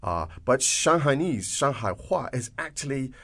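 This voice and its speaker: A man's voice: medium pitch, lively intonation, moderate pace, fairly bright tone. A man hosting a language podcast lesson, translating phrases and explaining words with frequent restarts and fillers. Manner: restarts and "uh" fillers, upbeat encouragement. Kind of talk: teaching English speakers.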